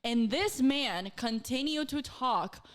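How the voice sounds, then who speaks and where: A woman's voice: high voice, slow. A woman co-hosting a casual talk show, telling a story animatedly, full of "like" and swearing, acting out quotes in her own voice. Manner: animated, heavy use of "like", swears freely. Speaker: co-host.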